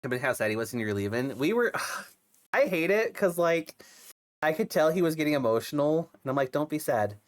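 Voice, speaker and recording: A man's voice: on the high side, animated, a little fast. Sick young man chatting on stream. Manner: rambling, with many fillers and restarts. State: sick, coughing and congested. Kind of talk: casual chat.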